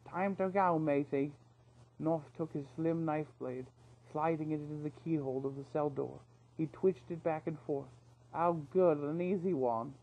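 Male reader doing a high, bragging mouse burglar, cheeky, storybook. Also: steady tone, phone-quality sound. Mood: cheerful. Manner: boastful, cheeky, rapid patter. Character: cocky, chatty male mouse thief.

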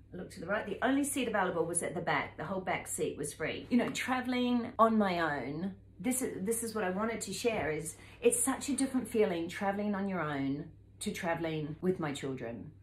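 A woman's voice: fairly low pitch, reverberant, rough recording. Chatty New Zealand woman in her fifties. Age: 50s. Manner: animated, acts out voices in her stories. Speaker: travel vlogger. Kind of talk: casual storytelling to camera.

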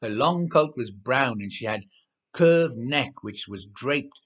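A man narrating a children's storybook in an animated, expressive way. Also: mid-range voice, slow pace, slightly rough.

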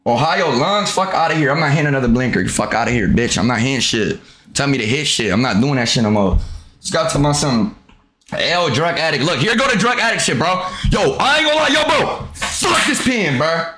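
A young man gives profane live commentary on his game, muttering at times and yelling at others. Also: mid-range voice, animated, brisk. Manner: profane, swings from mutters to loud outbursts. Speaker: gamer streaming his play. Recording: echoey room with clear noise.

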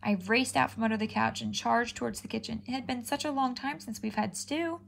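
A woman reading a children's chapter book aloud in an animated, expressive way. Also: on the high side, fairly quick, gravelly, slight background noise. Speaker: storybook reader.

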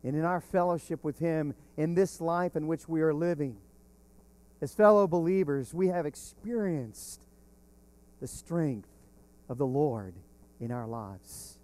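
A man preaching a sermon as pastor, slow and emphatic, swelling on key words. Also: a little high, mellow.

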